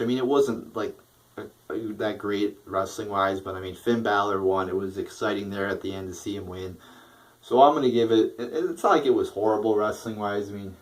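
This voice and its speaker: A young man with a slightly low voice rambles through a casual wrestling review. He swears constantly, fills gaps with ums and likes, and restarts his sentences often. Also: poor audio. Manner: profane, rambling with fillers and restarts.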